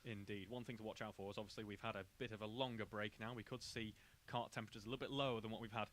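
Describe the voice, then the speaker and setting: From a commentary box, a karting commentator gives live race commentary, steadily reading out the grid order in long lists. His voice is on the low side and rapid-fire, with a little hiss or hum in the recording.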